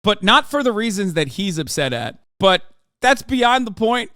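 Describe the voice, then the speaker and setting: A man's voice: high-pitched, lively intonation, normal speed, sharp tone, clear, resonant tone, dry recording, studio quality. A man hosting a live stream, reacting to a clip with casual, profane, mocking commentary.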